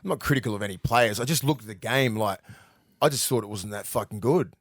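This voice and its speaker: A man's voice: lowish voice, fast, no room sound, clean studio sound. An Australian man in his forties, co-hosting a podcast in casual sports chat, telling stories with plenty of swearing. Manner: swearing, animated storytelling. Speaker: podcast co-host.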